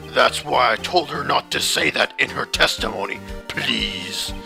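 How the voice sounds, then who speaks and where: A man's voice: medium pitch, expressive, unhurried, gravelly, music in the background. A man voicing a stern, pompous older male prosecutor, reading game dialogue in a haughty, formal way.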